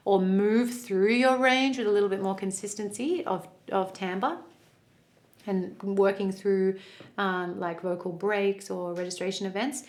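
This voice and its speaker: A woman's voice: medium pitch, a little slow. A woman who sings soprano, coaching vocal exercises in an encouraging, easygoing way. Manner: encouraging, loose instructional talk with fillers. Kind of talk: guided vocal exercise lesson.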